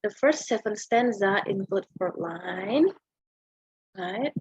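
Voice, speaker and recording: A woman's voice: medium pitch, lively intonation, takes it slowly, breathy edge, no echo. A young woman with an Indonesian accent giving a class presentation on a poem, hesitant, with many fillers and tag questions. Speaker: student presenter. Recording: dull lo-fi home recording.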